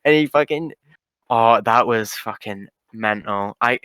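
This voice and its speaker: Bright-voiced man in rambling, profane chat. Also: lowish voice, unhurried, dry recording. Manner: rambling, profane, stumbling restarts. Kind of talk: casual chat.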